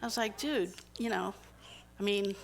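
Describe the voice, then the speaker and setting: A woman's voice: mid-range voice, normal speed, vocal fry. A middle-aged woman giving a conversational sermon, telling personal stories and acting out the people in them. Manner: animated storytelling, acting out quoted people. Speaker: speaker.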